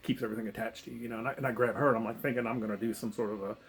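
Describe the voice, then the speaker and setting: Speaking very fast in a gravelly, medium-pitched voice with a steady tone, this man recounts a diving adventure for his vlog. He wanders, interrupts himself, and keeps dropping swear words and laughs.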